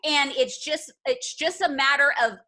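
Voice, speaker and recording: A woman, a direct sales team leader, telling her team an emotional motivational story in an animated way. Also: high voice, unhurried. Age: adult with children. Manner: emotional, animated, addresses listeners as "you guys".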